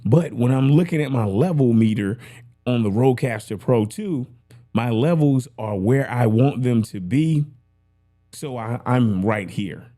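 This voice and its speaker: A man's voice: medium pitch, expressive, a little slow, warm tone, soft background music. A man hosting a casual gear demo, chatty and rambling, talking into a broadcast mic and often asking if you follow him. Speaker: podcast gear reviewer host. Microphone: broadcast dynamic mic with headphones.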